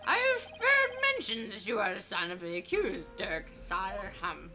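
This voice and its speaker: A woman's voice: mid-range voice, big pitch swings, measured pace, music in the background. A woman putting on a stern old male judge. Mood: solemn. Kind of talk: fan voice acting over a game.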